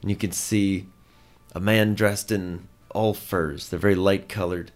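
A man narrating a tabletop role-playing game as game master, describing scenes in a relaxed storytelling way. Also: deep voice, a little slow, soft background music.

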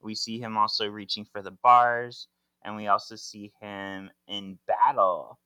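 Casting: male podcast co-host, bright forceful tone, very dry close mic, casual comic recap. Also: on the low side, flat delivery, measured pace, smooth, no room sound. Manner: chatty, narrates the comic page by page with fillers.

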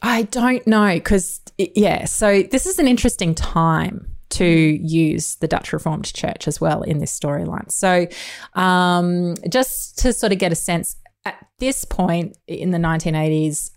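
A woman's voice: on the low side, unhurried. A woman co-hosting a casual podcast, chatty and full of ums and researched asides. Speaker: podcast co-host. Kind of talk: casual chat.

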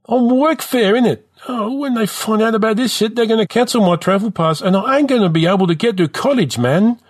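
A man's voice: sits high, very animated, unhurried, dry recording, studio quality, pitched above the performer's own voice, heavily acted. A man voicing a despondent young male shop worker who talks in street slang.

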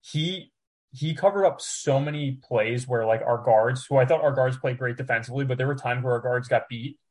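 A young man co-hosting a podcast, talking basketball in a relaxed, chatty way, full of "like" and "dude". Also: medium pitch, normal speed. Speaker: podcast co-host. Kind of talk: casual sports chat.

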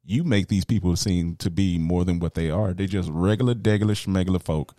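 A man's voice: sits low, a little fast, dark tone, no room sound, clean studio sound. A man co-hosting a podcast from a home workshop, talking in a laid-back, slangy way and often adding "you know". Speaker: podcast co-host. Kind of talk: casual podcast chat.

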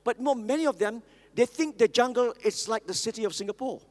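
A man with an extremely high-pitched voice preaches fairly quickly, with long hall reverb on the recording. He tells stories and asks the audience questions.

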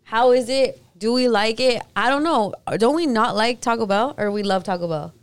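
A woman co-hosting a casual chat, a mother telling animated stories and mixing Spanish words into her English. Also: a little high, normal speed, clean tone. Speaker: podcast co-host and mother.

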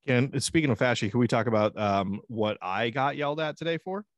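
A man's voice: mid-range voice, fairly quick, dry recording. A man co-hosting a podcast, telling stories in a casual, profane, laughing way. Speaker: podcast co-host. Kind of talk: casual banter.

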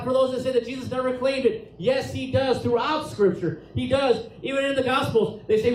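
High-voiced man preaching in an echoey church. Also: moderate pace, few pauses, darkish tone, a little hiss or hum. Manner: impassioned preaching, reads scripture aloud with emphasis. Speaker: pastor. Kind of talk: sermon. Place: church sanctuary. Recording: echoey church room, distant mic.

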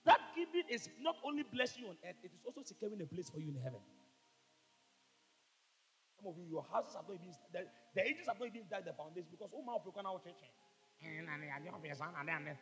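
A man preaching a fervent sermon, rising to shouts. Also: high voice, animated, fast, in a large hall, rough recording. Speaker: pastor.

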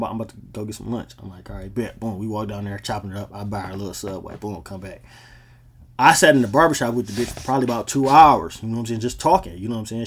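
A man's voice: medium pitch, slightly rough. A man, telling stories from his life in a laid-back, slangy podcast style. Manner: laid-back slangy storytelling, frequent "you know what I'm saying". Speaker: podcast host. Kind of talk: casual storytelling.

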